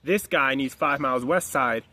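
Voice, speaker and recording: A man's voice: mid-range voice, moderate pace, sharp tone, no room sound. A man coaching his listeners through a long spoken story, acting out the people in it with raised, pleading voices and talking bluntly. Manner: blunt, direct, swears. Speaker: life coach. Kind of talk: motivational monologue told as a story.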